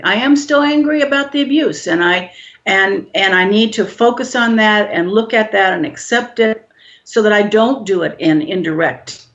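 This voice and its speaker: Woman guest talking thru self-compassion, calm and steady, kinda muffled lo-fi audio. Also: medium pitch. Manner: calm, measured, gently instructive. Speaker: guest expert on healing shame. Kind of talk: explanatory interview answers. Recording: dull lo-fi audio.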